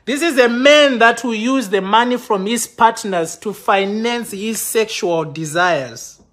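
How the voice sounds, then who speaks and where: A man's voice: high-pitched, measured pace, a bit bright. A man live-streaming an impassioned, accusatory rant to his viewers, stumbling and restarting often. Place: London.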